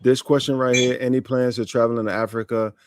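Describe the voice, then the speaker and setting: A man hosting a live stream, reading out viewer questions in a relaxed way with many fillers. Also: mid-range voice, fast, a little hiss or hum. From United States. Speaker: stream host. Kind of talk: casual chat on a live stream.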